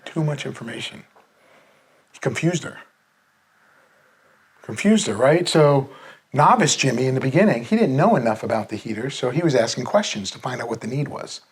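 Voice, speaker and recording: Husky-voiced male sales trainer. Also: medium pitch, lively intonation, brisk. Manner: casual storytelling, acts out quoted people. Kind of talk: teaching with a story.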